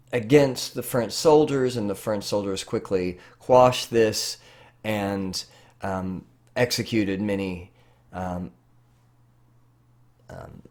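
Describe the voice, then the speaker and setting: A man's voice: lowish voice, darkish tone. A middle-aged man lecturing on art history, talking through slides with many fillers and restarts. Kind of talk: recorded lecture.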